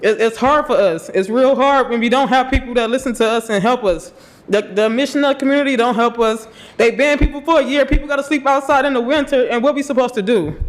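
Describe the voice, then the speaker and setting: A young man in his twenties speaks at a podium microphone in a city commission chamber, his voice pitched very high. He is crying and talks in a halting, nervous way, pleading with the officials. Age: 20s. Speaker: public commenter. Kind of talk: public comment at a city meeting.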